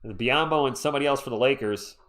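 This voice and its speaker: Talking fast in a mid-range, fairly bright voice, a drowsy man calls a game live on stream. He keeps it laid-back, chatting with viewers and shouting out the chat between plays.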